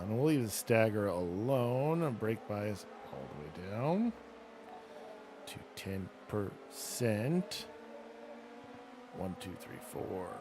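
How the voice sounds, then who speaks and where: A man's voice: on the low side, noisy background. A man streaming a dirt racing game, talking casually and wryly through results and car setup, mocking himself as he goes. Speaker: gaming streamer. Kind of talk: casual live gameplay commentary.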